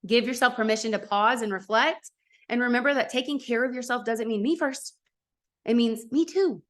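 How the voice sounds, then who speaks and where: Woman in her thirties, slightly high voice, upbeat and direct; motivational sales pitch. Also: moderate pace, a bit bright. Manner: upbeat, addresses the audience directly. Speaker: network marketing ambassador.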